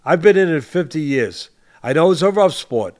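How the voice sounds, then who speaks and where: A fairly high, expressive male voice with a darkish tone, at normal speed, belongs to an older boxing-podcast host. His commentary is impassioned and emphatic, he echoes key phrases to underline them, and he speaks to his co-host by name.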